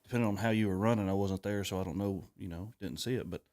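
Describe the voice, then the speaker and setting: A young man, a wildlife officer speaking as a guest in a casual radio interview, relaxed and halting. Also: sits low. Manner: relaxed, laid-back, halting with fillers.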